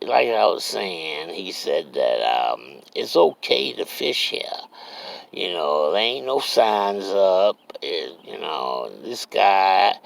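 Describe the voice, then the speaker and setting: A man's voice: low voice, creaky. A man with a Cajun accent telling a rambling, profane story, drawling and often checking that he is understood. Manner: rambling, drawling, keeps asking "you understand me". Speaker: comedic storyteller. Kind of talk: casual profane storytelling monologue.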